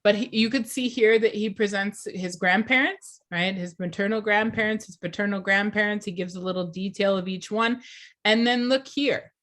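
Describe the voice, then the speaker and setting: Teacher trainer, female, mid-range voice: clear, deliberate lecturing that keeps quizzing the class. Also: mid-range voice, fairly bright tone.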